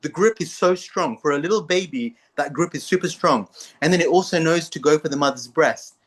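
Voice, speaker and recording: A man's voice: on the high side, fairly quick. A man hosting a casual philosophical chat, talking in a playful way and putting on little voices when he tells stories. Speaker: podcast host.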